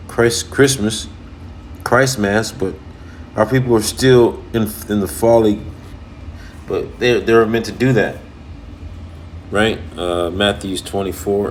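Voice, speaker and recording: A man's voice: fairly low pitch, darkish tone, slight background noise. Man preaching loosely from scripture. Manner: reads verses slowly, then explains loosely with "you know" and "man". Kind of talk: informal scripture teaching.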